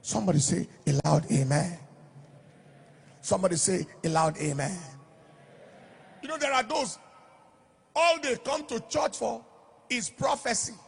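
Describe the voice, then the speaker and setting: High gravelly preacher guy, shouty sing-song sermon. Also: measured pace, pauses often. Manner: emphatic preaching, shouting and lilting on key phrases. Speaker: pastor.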